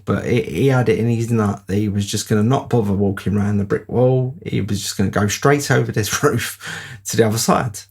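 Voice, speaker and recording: A man's voice: lowish voice, fairly even intonation, normal speed, a little mellow, breathy edge. A man telling a rambling personal anecdote in a casual way. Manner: rambling, with fillers and laughs. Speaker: storyteller.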